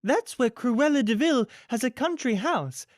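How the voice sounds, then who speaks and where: A man voicing a gentle, well-bred lady in a storybook reading, in a surprised, lilting manner. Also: very high voice, expressive, unhurried, dry recording, studio quality, pitched above the performer's own voice.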